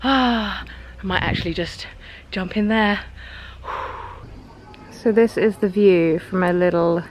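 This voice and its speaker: A woman's voice: mid-range voice, takes it slowly, slight background noise, low-quality recording. Young woman, lifestyle vlogger, rambling upbeat chat to a handheld camera, mid-range voice. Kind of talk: casual vlog chat to camera.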